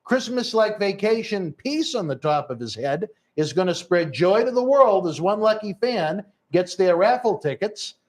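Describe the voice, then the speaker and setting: A man's voice: high voice, lively intonation, normal speed, hardly any pauses. A man hosting a live interview, joking around and plugging upcoming events in a promo style. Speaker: host.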